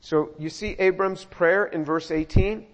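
A man's voice: high-pitched, steady tone, unhurried. A middle-aged man preaching a verse-by-verse sermon in a conversational way, often repeating words as he goes. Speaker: pastor. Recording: muffled sound in a reverberant hall.

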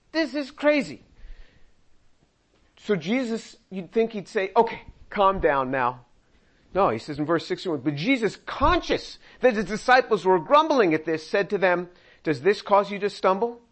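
High-voiced man preaching a sermon. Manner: reads scripture aloud and acts out quoted lines. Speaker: pastor.

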